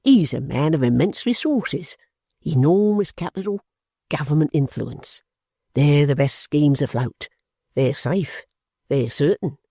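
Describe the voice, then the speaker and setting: A man doing an excitable puffing old clerk. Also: no room sound, clean studio sound. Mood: emphatic. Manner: quick, high, snorting bursts. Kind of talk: audiobook character voice.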